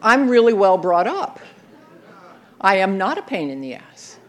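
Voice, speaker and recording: A woman's voice: medium pitch, big pitch swings, measured pace. A woman telling a personal recovery story in a wry, self-mocking way, often breaking into laughter. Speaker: speaker sharing her recovery story.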